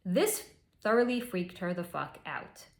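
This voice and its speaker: A woman's voice: on the low side, expressive, unhurried, creaky, roomy sound. A woman giving a psychic reading, telling a story candidly and swearing freely. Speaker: psychic reader. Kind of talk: solo spoken energy reading.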